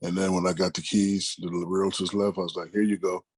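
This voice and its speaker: A middle-aged man, an interview guest, telling stories in a relaxed, conversational way and acting out the people he quotes. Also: low voice, brisk, slightly rough, dry recording. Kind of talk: casual storytelling.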